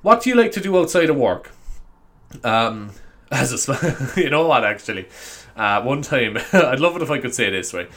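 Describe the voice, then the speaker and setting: A man's voice: mid-range voice, very animated, normal speed, fairly bright tone. A young man hosting a solo comedy podcast, rambling and swearing with self-mocking humor. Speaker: podcast host.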